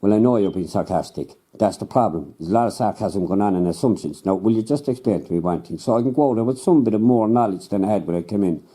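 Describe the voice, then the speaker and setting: A man playing a grumpy skeptical angler, dark mellow voice, husky, blunt, sarcastic. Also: lowish voice, expressive, fast, few pauses. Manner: blunt, suspicious, grumbling, sarcastic. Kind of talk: comedy sketch, improvised two-hander.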